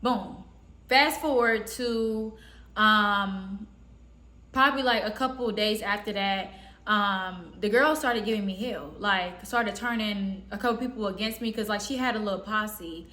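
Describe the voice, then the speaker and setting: A woman from the Southern US telling a story casually in a slangy, rambling way with animated quotes. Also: medium pitch, measured pace. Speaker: storytime vlogger. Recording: roomy echo.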